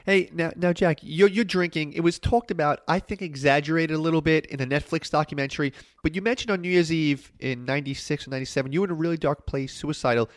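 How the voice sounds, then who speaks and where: A man's voice: a little high, quick pace, few pauses, dry recording. A man hosting an interview, asking questions in an enthusiastic, encouraging way. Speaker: podcast host. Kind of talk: casual interview.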